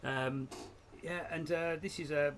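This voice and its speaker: A man's voice: fairly high pitch, steady tone, measured pace, a bit bright, slight background noise. A man hosting a casual live stream from his shed, rambling and chatty, often laughing as he talks. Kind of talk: casual chat. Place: home shed.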